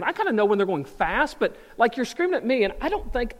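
A pastor preaching a sermon in a church hall, telling stories, repeating words and asking the crowd questions. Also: male voice, very high voice, sing-song, fast. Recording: long hall reverb.

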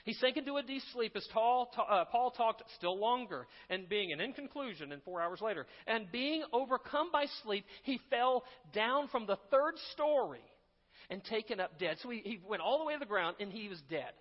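A pastor preaching a sermon in a conversational way, with asides, restarts and humor. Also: male voice, high voice, animated, moderate pace, big-room sound, lo-fi sound.

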